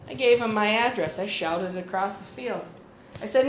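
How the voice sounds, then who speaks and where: A woman's voice: fairly high pitch, animated, normal speed, roomy sound, slight background noise, low-quality recording. A woman hosting a podcast, telling a story in a blunt, profane and sarcastic way. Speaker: podcast host. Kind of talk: casual storytelling monologue.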